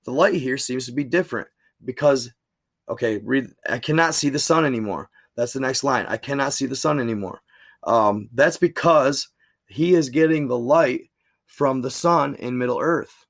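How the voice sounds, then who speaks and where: A man's voice: medium pitch, moderate pace, no echo, clean studio sound. Man reading a diary with chatty asides. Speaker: channel host reading a document aloud. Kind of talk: reading a diary aloud with casual commentary.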